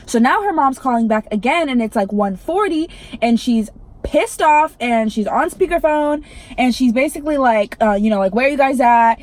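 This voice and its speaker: Young woman, irritated, casual storytime vlogger, swears and says "like" a lot, slightly high pitch. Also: lively intonation, normal speed, a little mellow. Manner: irritated, swearing, heavy use of "like".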